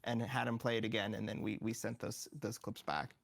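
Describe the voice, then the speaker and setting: A man's voice: on the low side, level tone, fairly quick, gravelly. A man appearing as a game developer guest in a casual studio interview, eagerly explaining and acting out what players say.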